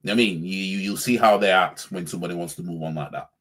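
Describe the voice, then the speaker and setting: Husky low-voiced guy streaming casually. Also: rapid-fire, a bit bright. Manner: casual and slangy, stumbles and restarts. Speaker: football fan streamer.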